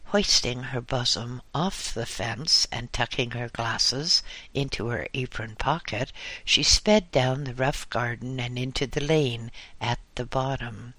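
A man narrating a humorous story in a deliberate, wry reading. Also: mid-range voice, pushed and bright, no echo.

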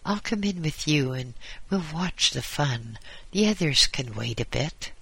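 A man's voice: a little high, lively intonation, measured pace, vocal fry, sharp tone, slightly rough, dry recording, full character voice. A man voicing a genial, teasing old male angel who keeps the gates, folksy and chuckling, in a storybook reading.

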